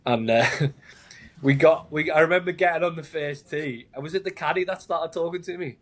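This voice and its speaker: A man's voice: a little high, moderate pace. A man, a caddie guest on a podcast, telling rambling anecdotes in casual chat, laughing often and filling his talk with "like".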